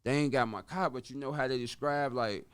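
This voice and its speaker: A man telling a story on a podcast in casual street slang, dropping in sound effects like woo and boom. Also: a little fast, clear, resonant tone. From Chicago. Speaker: podcast guest.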